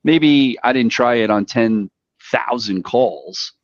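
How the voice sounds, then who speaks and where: A man giving earnest advice about sales tips, halting and repeating words as he talks. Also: mid-range voice, no room sound. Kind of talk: casual chat about cold calling. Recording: dull dry lo-fi sound.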